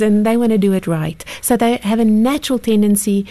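A woman's voice: medium pitch, a little fast, mellow. A woman speaking as a guest expert in a faith-based parenting discussion, explaining with vivid examples and laughing easily.

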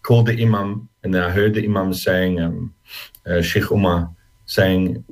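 A man telling his personal story as an interview guest, halting and reflective with many restarts, close to tears. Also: sits low, little pitch movement, low-quality recording.

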